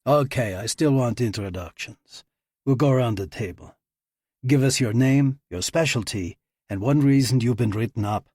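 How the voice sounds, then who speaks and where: A man voicing a dry, commanding male team leader who speaks briskly. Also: medium pitch, a little mellow, no room sound, close to an everyday voice.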